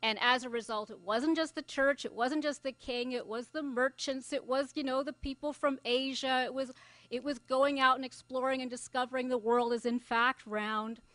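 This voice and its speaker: Closing out a conference, this middle-aged Scottish journalist from Glasgow talks in a relaxed way, musing aloud with filler words. Her high-pitched voice is steady, a bit bright and at a normal pace, recorded without echo.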